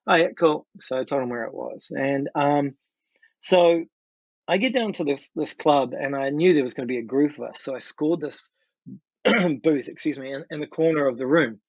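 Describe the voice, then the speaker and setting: Middle-aged New Zealand man, lively raconteur, slightly high voice, dry dull lo-fi recording. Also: moderate pace, dry recording. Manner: lively, animated storytelling with swearing. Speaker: guest musician. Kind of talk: casual storytelling.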